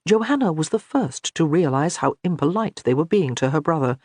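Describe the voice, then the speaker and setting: A narrator reading a historical romance audiobook in a steady, measured way. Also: mid-range voice, dry recording. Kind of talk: scripted narration.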